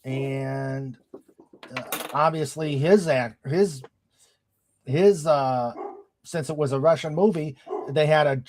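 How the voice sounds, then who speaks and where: A man with a fairly high voice hosts a loose online talk show. He reads viewer comments aloud and answers them with quick, easygoing replies. Steady background noise sits behind him, with a dog now and then. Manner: reads out comments, short agreeing interjections. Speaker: show host reading chat comments. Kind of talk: casual chat.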